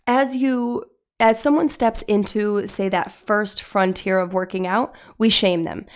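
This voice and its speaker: Female podcast co-host, earnest and emphatic, mid-range pitch. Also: a little mellow. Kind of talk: casual podcast discussion.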